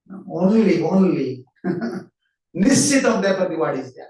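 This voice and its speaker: High-voiced swami lecturing in an echoey hall. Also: male voice, lively intonation, a little slow, long pauses, mellow. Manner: earnest, repeats key phrases, asks and answers own questions. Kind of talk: devotional lecture. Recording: roomy hall sound from a distant mic.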